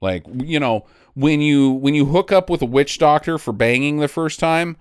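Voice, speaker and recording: Comedic male podcast host, lively up-and-down delivery, riffing and laughing. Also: a little high, moderate pace, clean tone, no echo, studio quality. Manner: animated, laughing, mock voices. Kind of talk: casual comedic chat.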